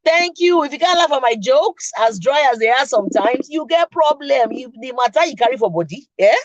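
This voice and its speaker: A woman's voice: high-pitched, expressive, fairly quick, no room sound, lo-fi sound. A middle-aged woman with a Nigerian accent hosting a casual chat, laughing often and teasing her viewers directly. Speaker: podcast host.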